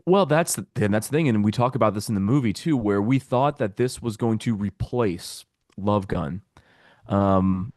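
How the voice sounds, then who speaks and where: Brief: man, low voice, dry close sound, knowledgeable guest with deadpan humor. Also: no room sound. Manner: detailed, explanatory, dry jokes. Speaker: documentary maker guest. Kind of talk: casual interview talk.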